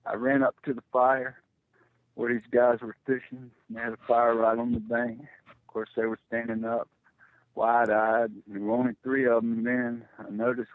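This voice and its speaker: A middle-aged man telling a personal story as a radio guest, halting and repeating words when it gets tense. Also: mid-range voice, fairly even intonation, no room sound. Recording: tinny phone line, dry.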